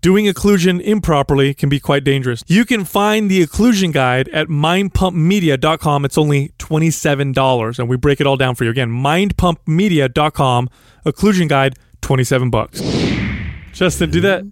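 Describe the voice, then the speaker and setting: A male podcast co-host with a noticeably nasal voice, joking and ribbing his friends. His pitch sits a little above most men's. The studio mic is close and dry. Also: normal speed, no echo. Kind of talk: casual banter.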